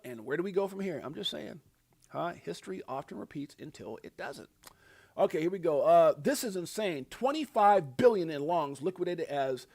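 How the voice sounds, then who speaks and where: A man's voice: fairly high pitch, a little mellow. A middle-aged man hosting a casual crypto livestream, laid-back and chuckling, punctuating points with "facts" and "huh?".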